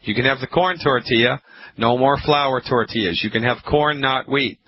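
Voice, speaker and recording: A man hosting a call-in health radio show, lecturing emphatically and repeating his points, with a frog in his throat that makes him keep clearing it. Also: mid-range voice, normal speed. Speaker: radio talk show host. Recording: muffled radio broadcast with faint hiss.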